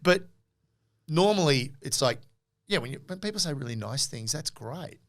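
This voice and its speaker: Gravelly Australian man telling stories. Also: a little high, normal speed. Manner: animated, acts out quoted dialogue. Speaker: podcast guest. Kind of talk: casual interview storytelling.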